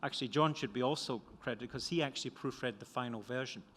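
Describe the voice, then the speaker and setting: The speaker is an older economist from Scotland, with a Scottish accent, presenting his book at a conference. He talks at a quick pace in a medium-pitched, slightly bright voice, wandering off, self-deprecating, and restarting often. Slight background noise and lecture hall reverb are audible.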